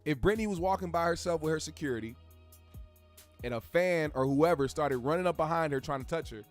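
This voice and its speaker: High-voiced man ranting, swearing a lot. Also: fairly quick, soft background music. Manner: heated, blunt, swears a lot, slangy. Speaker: show host. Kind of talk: profane commentary rant.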